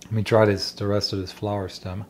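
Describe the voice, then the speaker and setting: A man's voice: lowish voice, little pitch movement, fairly quick, a little hiss or hum. A man with a German accent, chatting casually while tasting and cooking wild plants in his home kitchen. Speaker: homestead vlogger.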